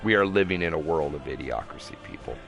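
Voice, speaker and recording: A man's voice: rumbling low, expressive, quick pace, gravelly, a bit bright, soft background music. A young man ranting in an angry, profane monologue, heated and preachy, in a car. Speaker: vlogger. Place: in a car at a drive-through.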